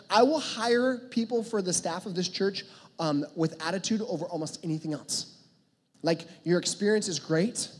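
A man in his thirties preaching a sermon as pastor, telling stories in a conversational, animated way. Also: high-pitched, breathy edge. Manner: conversational, animated, self-deprecating storytelling. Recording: long reverb of a large hall.

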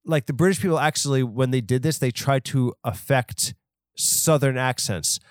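A man's voice: medium pitch, moderate pace, no room sound, clean studio sound. A man hosting a podcast, rambling through an off-the-cuff comedic story and mocking himself as he goes. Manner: self-deprecating, rambling, off the cuff. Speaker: podcast host.

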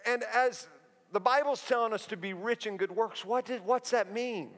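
A man in his thirties with a notably high voice preaches to his congregation, mixing jokes and personal stories into the sermon. His relaxed, chatty delivery rings out in a big church hall with a long, trailing reverb. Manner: humorous, conversational storytelling with quick asides. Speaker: pastor. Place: church auditorium.

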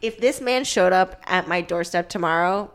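A woman co-hosting a casual chat, gushing and animated, swearing freely. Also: fairly low pitch, moderate pace.

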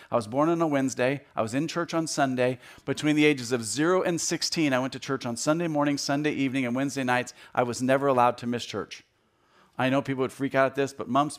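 A man in his fifties giving a conversational sermon as a guest speaker in a church, joking and repeating words and getting louder to stress a point. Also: mid-range voice. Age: 50s. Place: church sanctuary.

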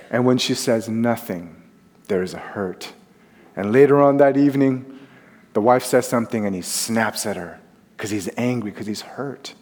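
Conversational preacher in a reverberant hall. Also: male voice, medium pitch, normal speed. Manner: conversational, animated with acted-out quotes. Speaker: pastor. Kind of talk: sermon.

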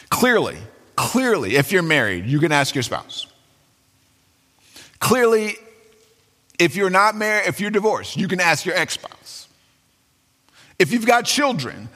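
A pastor delivers a sermon with animated energy, his fairly high, bright voice leaping up and down as he acts out quotes. The sound rings with a long hall reverb behind him. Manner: animated, dramatic, with acted-out quotes and sudden pitch swings.

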